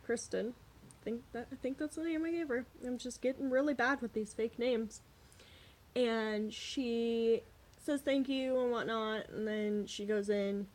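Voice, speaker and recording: Young woman vlogger, slightly high voice, blunt and candid storytime delivery. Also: measured pace. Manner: candid, swears freely, animated retelling. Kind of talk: casual storytime vlog.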